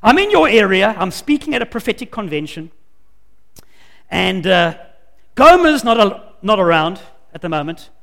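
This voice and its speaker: A man plays a chatty male prophet who hesitantly asks a friend for a favor. The voice sits very high, and it rings through a long hall reverb. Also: very animated, moderate pace, gravelly, pauses often, fairly bright tone, exaggerated voice. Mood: casual.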